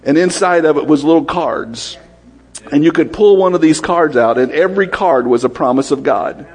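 A man preaching a sermon, quick-fire and lively, often asking questions of the congregation. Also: a little high, slightly rough, long reverb tail.

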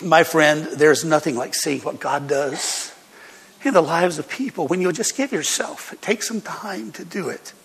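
An older male pastor preaching with a high, bright voice. His sermon mixes lively family stories with scripture, and the long reverb of a church hall surrounds him. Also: measured pace, vocal fry. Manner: animated storytelling with laughs and scripture reading.

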